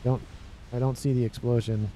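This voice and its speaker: Male game commentator, mellow tone, rambling, self-correcting, exasperated questions, faint background hiss. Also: mid-range voice, flat delivery, moderate pace. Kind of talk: casual video game commentary.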